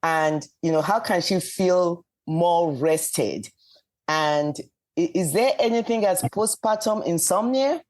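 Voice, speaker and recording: A man hosting a public education health podcast, a doctor who asks questions in a measured way with some hesitant fillers. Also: sits high, expressive.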